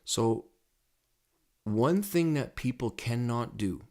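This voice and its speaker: A man giving casual, rambling commentary on crypto charts as a trading educator, excitable and prone to repeating himself. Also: mid-range voice, takes it slowly.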